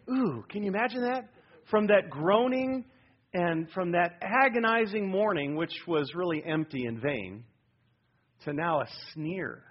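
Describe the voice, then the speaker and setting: Husky-voiced man preaching emphatically. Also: a little high, highs cut off. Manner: animated, emphatic preaching that prompts the congregation. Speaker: pastor. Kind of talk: sermon.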